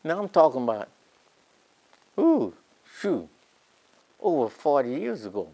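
A man's voice: a little high, big pitch swings, a little slow, mellow. An older man teaching a Bible class, telling a homespun story with many restarts and repeated words, then building to emphatic preaching. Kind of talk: storytelling sermon.

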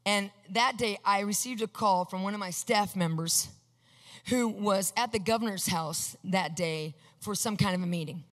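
A woman sharing a personal faith testimony, storytelling in an animated way and acting out the voices she quotes. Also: mid-range voice, normal speed. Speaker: Christian speaker sharing a testimony.

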